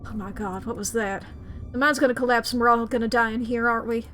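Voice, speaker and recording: A woman voicing an anxious, jittery young woman who always fears the worst, talking in rushed worries. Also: on the high side, steady tone, fairly bright tone, soft background music, close to an everyday voice. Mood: panicky. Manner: nervous, rushed worrying.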